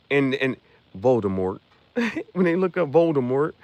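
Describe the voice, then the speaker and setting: A man's voice: medium pitch, sing-song, measured pace, long pauses, darkish tone, dry recording. A man chatting casually on a livestream about his shirt designs, rambling and slangy, jumping between topics. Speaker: streamer designing merch shirts.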